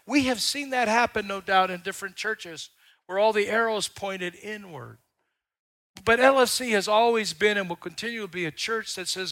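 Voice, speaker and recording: A middle-aged man preaching a sermon as pastor, telling stories in a folksy way and swelling loud on key lines. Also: sits high, normal speed.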